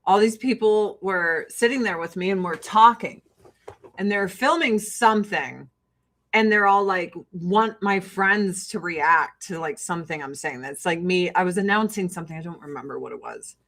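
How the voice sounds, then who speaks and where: A middle-aged Illinois woman with a Chicago-area Midwestern accent hosts a livestream selling skincare, rambling casually and profanely, laughing a lot and mimicking people. Her lowish voice is lively and fairly bright at a moderate pace, though the audio is poor.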